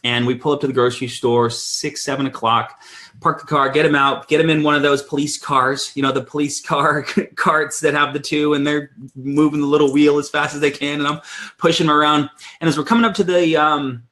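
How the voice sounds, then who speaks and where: A man in his thirties hosting a weekly sales training call, telling a story in an energetic, animated way with many restarts. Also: brisk. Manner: energetic storyteller, lively swings in pitch. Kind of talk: casual live-stream talk.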